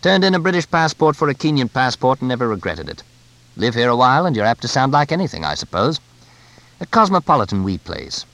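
A man's voice: mid-range voice, very animated, fairly quick, creaky, a bit bright, no echo, pitched above the performer's own voice. A man voicing a jovial, breezy middle-aged bush pilot who has settled in Kenya, in an audiobook. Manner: chuckling, breezy, expansive.

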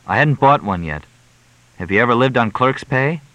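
Grieving bitter young clerk, terse and flat, dry sound, read by a man. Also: mid-range voice, moderate pace, no room sound, voice pushed up, rough recording. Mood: flat, weary.

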